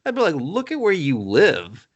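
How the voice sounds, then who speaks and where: Male podcast co-host, animated, profane movie banter, lively swooping pitch. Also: moderate pace, dull audio. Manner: animated, profane, jokey, puts on silly voices for characters. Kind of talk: casual movie review chat.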